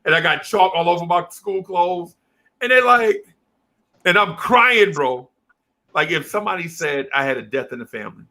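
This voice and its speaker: A man's voice: high voice, expressive, moderate pace, bright, forceful tone. A middle-aged man telling a childhood story in casual chat, acting out the people in it with lots of slang. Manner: acts out teachers and kids in quoted voices, heavy slang.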